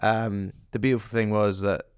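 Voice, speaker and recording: A man's voice: fairly low pitch, little pitch movement, moderate pace, clear, resonant tone, dry recording, studio quality. A man, an actor chatting as a podcast guest, telling rambling stories. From southern England. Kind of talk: casual interview chat.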